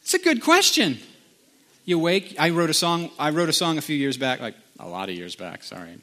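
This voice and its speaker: A man's voice: mid-range voice, very animated, fairly quick, fairly bright tone. A middle-aged man, preaching a conversational sermon and slipping into sung lines. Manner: conversational storytelling with sung snippets. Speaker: pastor.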